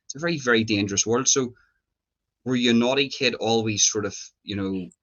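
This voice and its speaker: A man's voice: mid-range voice, brisk, fairly bright tone, muffled recording. A man hosting an interview who asks long, chatty questions full of fillers. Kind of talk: casual interview.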